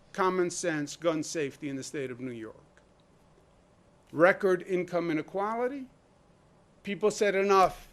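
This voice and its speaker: A man speaking as governor at a press conference, emphatic and full of rhetorical questions. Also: on the high side. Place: indoor briefing room.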